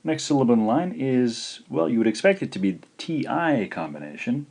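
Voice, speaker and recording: A man teaching in a recorded video lesson, patient and slow, saying each syllable out clearly. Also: medium pitch, big pitch swings, a little mellow. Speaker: language teacher.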